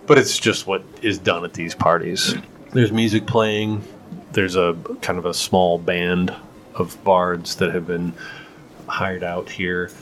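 A man's voice: low-pitched, flat delivery, takes it slowly, a bit bright, slight background noise. A man narrating as game master in a loose, rambling way with many fillers.

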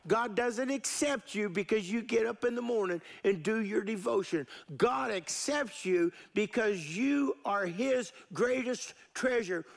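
Male pastor, middle-aged, high gravelly voice, sermon with call-and-response. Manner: call-and-response preaching, varying pace and emphasis.

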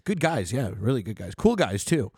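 Brief: Canadian podcast host, lively swooping delivery, dry close sound, swears freely. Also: male voice, medium pitch, moderate pace, slightly rough, no echo. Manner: laughing, profane banter. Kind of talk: casual chat.

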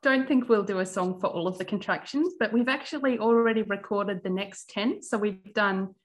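A woman guest in a casual interview, chatting cheerfully about her teaching work at a mid pitch. She speaks with frequent ums and an easy laugh. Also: moderate pace, poor audio. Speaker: guest, primary music teacher and Braille educator.

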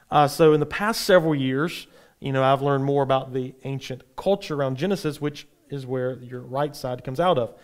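A man teaching a Bible class, explaining in a relaxed, explanatory way with frequent fillers. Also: fairly high pitch.

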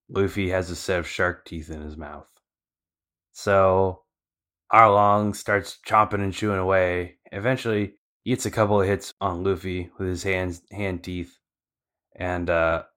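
A man with a deep, low voice recaps the story for a podcast. His delivery is casual and slangy, with loose fillers and asides. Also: a bit bright. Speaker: podcast co-host.

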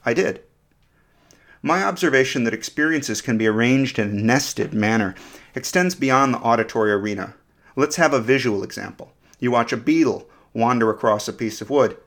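A man's voice: medium pitch, normal speed, fairly bright tone. A man hosting a podcast, giving a scripted, reflective explanation that often turns to ask the listener questions. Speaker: podcast host.

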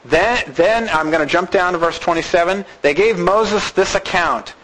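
A man preaching a sermon, reading scripture and explaining it in an animated way. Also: sits high, moderate pace, hardly any pauses, a little hiss or hum, low-quality recording. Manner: animated, acts out characters.

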